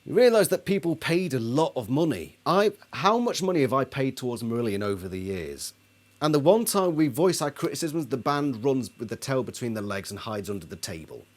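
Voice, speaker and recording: A man delivers an indignant, sarcastic rant straight to camera. His voice swings widely in pitch as he builds each grievance. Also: big pitch swings, fairly quick. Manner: indignant, sarcastic, mocks others in put-on voices. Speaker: album reviewer. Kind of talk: ranting video monologue.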